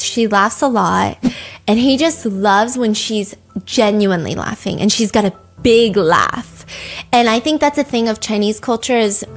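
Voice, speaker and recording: A woman in her thirties hosting a podcast, telling a story in casual chat and acting out quotes with lively asides. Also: mid-range voice. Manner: animated, quick asides, acts out quotes. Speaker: podcast host.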